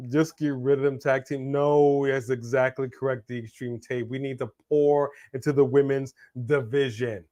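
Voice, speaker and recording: A man co-hosting a wrestling watch-along in casual live commentary, excitable and breaking into loud exclamations. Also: medium pitch, moderate pace, few pauses.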